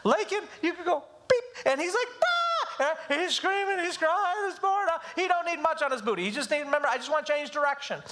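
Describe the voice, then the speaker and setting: A man teaching a parenting class at a church, telling lively stories about raising his kids and acting out their voices. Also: extremely high pitch, quick pace, few pauses. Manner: animated storytelling, acts out voices of his kids. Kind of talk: live church class talk.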